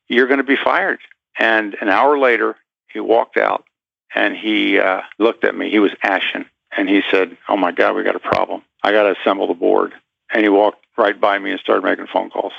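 Gravelly-voiced man telling a story. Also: fairly low pitch, dry recording, dull audio. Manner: animated storyteller, acts out quoted voices. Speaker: guest. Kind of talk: storytelling interview.

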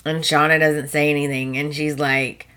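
A woman's voice: deep voice, little pitch movement, moderate pace, sharp tone. A woman podcast host casually recapping a soap opera episode, chatty and storytelling, acting out bits of dialogue with little chuckles.

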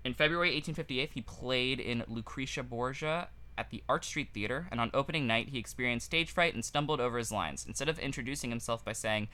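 Bright-voiced man telling history jokingly. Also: medium pitch, brisk, hardly any pauses. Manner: jokey, loose, laughs at his own lines. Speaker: podcast co-host. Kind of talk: casual history storytelling.

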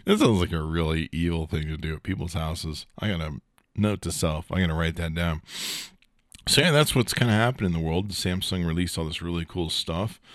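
A man's voice: low-pitched, fairly quick, no echo, clean studio sound. A male podcast host giving a casual, rambling rundown of tech news, joking and swearing as he goes. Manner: rambling, profane, joking asides.

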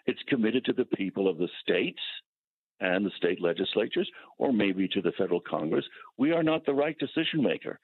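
A man with a low, husky voice answers an interview question in a measured, lecturing way. His voice comes down a thin, phone-like line, as a guest calling in to a radio talk program. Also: dry recording. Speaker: legal scholar guest.

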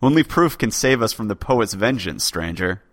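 A man voicing a dignified male king who speaks in a formal, measured way, in a storybook tale. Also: fairly low pitch, animated, fairly bright tone, no room sound, pitched above the performer's own voice. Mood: grave.

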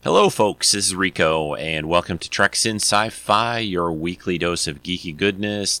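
A man's voice: low-pitched, pushed and bright, dry recording. A man hosting his podcast in a loose, rambling chat full of fillers and restarts. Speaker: podcast host. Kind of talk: casual solo podcast chat.

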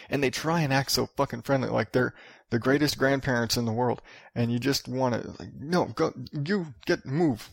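A man in his thirties rants and rambles on his own podcast, swearing freely. His voice sits in a middling pitch with a rough, gravelly edge. The sound is dry and close, with no room around it. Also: no echo. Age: 30s. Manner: profane, rambling, ranting. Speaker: podcast host. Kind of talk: solo podcast rant.

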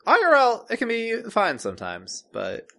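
A man talking casually as a podcast co-host. He hesitates often, restarts his sentences and leans on fillers. His humor is dry and deadpan, and his pitch rises and falls a lot. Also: normal speed, gravelly. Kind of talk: casual chat.

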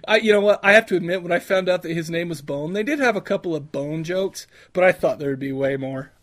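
A man's voice: high voice, fast talker, fairly bright tone, no room sound. A man co-hosting a casual movie review podcast, rambling with restarts, crude jokes and frequent laughter. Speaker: podcast co-host.

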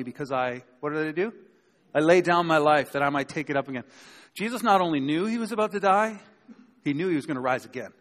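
A man preaching a sermon in a conversational way, acting out the people he quotes. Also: fairly high pitch. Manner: conversational, acts out quoted speakers. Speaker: pastor. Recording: long hall reverb.

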